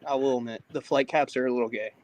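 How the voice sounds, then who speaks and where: A man of average pitch who talks loosely and crudely and keeps poking fun at himself. His voice sits close to the mic with a dry, dead sound. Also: fairly even intonation, quick pace, darkish tone, no room sound, poor audio. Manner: crude, self-mocking, loose storyteller. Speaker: Air Force veteran guest. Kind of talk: casual podcast banter.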